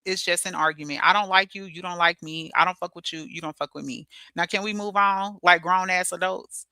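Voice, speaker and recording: A woman hosting a casual livestream, reading chat comments aloud and answering them bluntly, cursing often and laughing loudly at her own jokes. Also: fairly low pitch, fairly even intonation, brisk, no echo.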